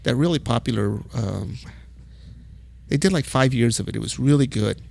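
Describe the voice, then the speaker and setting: A middle-aged man from El Paso, a music photographer, telling stories as a podcast guest in a casual, profane, animated way. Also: medium pitch, moderate pace, creaky. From El Paso, Texas. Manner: profane, animated storytelling with acted quotes. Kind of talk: casual storytelling.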